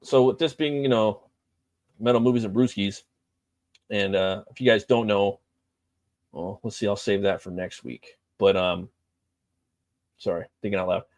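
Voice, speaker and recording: A man's voice: on the low side, fairly even intonation, normal speed, long pauses, darkish tone, dry recording. A middle-aged man hosting a live stream, chatting loosely and profanely with lots of fillers. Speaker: livestream host. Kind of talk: casual live-stream chat.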